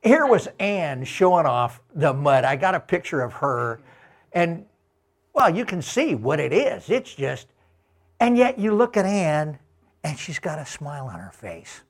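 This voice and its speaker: A middle-aged man giving a talk with slides, telling travel anecdotes slowly with many fillers. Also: fairly high pitch, very animated. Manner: slow, unhurried anecdotes with fillers. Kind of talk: storytelling talk.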